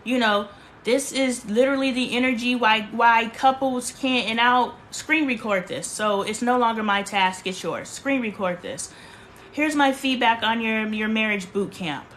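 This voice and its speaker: Emphatic high-voiced woman livestreaming. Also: unhurried, fairly bright tone, a little hiss or hum. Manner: emphatic, preachy, repeats herself. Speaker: livestream host. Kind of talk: casual livestream talk. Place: her bedroom.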